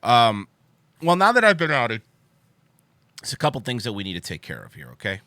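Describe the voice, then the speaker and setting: A man hosting a livestream, giving a deadpan, mock-solemn monologue from a home setup in front of a green screen. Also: mid-range voice, brisk, dry recording. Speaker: livestream host.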